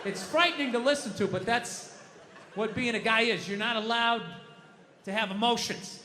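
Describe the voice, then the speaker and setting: A stand-up comedian in his fifties, ranting profanely on stage and breaking into shouts. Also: extremely high pitch, moderate pace, background noise. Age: 50s. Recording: echoey hall with loud crowd laughter.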